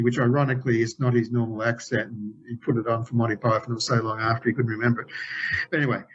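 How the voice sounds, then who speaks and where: Man, 60s, interview guest, rambling storyteller with many restarts, middling pitch, dull video-call audio. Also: a little hiss or hum. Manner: rambling, frequent restarts and self-corrections. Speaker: game developer guest.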